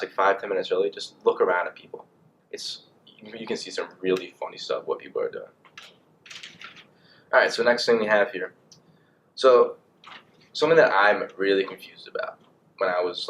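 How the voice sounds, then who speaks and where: A young man in college vlogging casually, rambling and animated with lots of fillers. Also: on the low side, muffled recording, slight background noise. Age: young adult. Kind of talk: casual monologue to camera.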